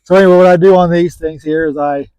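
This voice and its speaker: A man's voice: a little high, steady tone, fast talker, dark tone, smooth, no room sound, highs cut off. A man casually explaining how he cleans an old car, folksy and joking, rambling as he works. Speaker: classic car seller.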